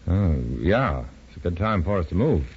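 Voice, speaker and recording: A deadpan undercover agent, low voice, muffled old radio recording w/ some hiss. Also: male voice, normal speed, slightly rough, full character voice. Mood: wry. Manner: dry and wisecracking. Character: wry, tough male undercover agent. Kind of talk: 1950s radio drama acting.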